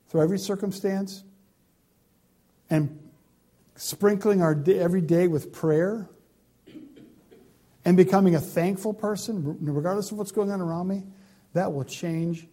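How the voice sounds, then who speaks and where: A man delivers a sermon in a fairly high, warm and mellow voice. He stresses key words hard, stacks them in lists, then eases into quieter, pleading passages. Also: slightly rough. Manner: emphatic, swings from loud stresses to quiet pleading. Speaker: pastor.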